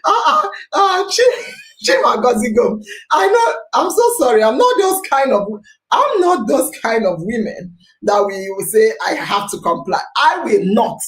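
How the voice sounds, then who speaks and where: A Nigerian woman with a high, swooping voice that leaps up and down as she talks. She exclaims and laughs her way through the story, slipping into pidgin. The room gives her voice a noticeable echo. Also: big pitch swings, unhurried. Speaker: podcast host. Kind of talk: animated storytelling and live chat. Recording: roomy echo.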